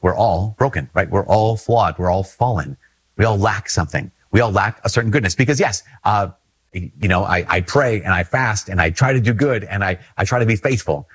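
A man's voice: lowish voice, slightly rough, dry recording. A man from Minnesota, a priest, giving a conversational homily with earnest emphasis and repeated phrases.

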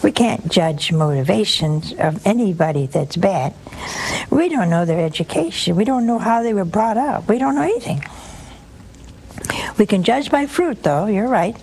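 An older woman hosting a religious call-in show, giving gentle spiritual counsel and calling her callers honey and sweetheart. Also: mid-range voice, animated, moderate pace, a little hiss or hum, rough recording.

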